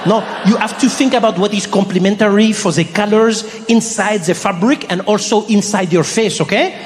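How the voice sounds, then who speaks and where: A man's voice: sits high, moderate pace, big-room sound, slight background noise, natural voice. A man voicing a blunt, condescending male French shop clerk with a put-on French accent. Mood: scolding. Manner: condescending, matter-of-fact.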